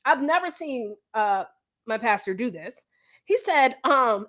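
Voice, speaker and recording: Animated woman telling a story. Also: fairly high pitch, a little slow. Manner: animated storytelling, addresses viewers as y'all. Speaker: host. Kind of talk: livestream talk.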